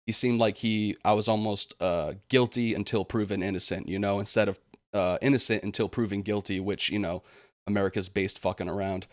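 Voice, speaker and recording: A young man with a lowish voice rants straight into the mic, aggrieved and indignant. The sound is close and dry, with no room around it. He often drops into sarcastic put-on quotes of the people he complains about. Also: steady tone, brisk, no echo. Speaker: gaming channel host. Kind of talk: ranting vlog monologue.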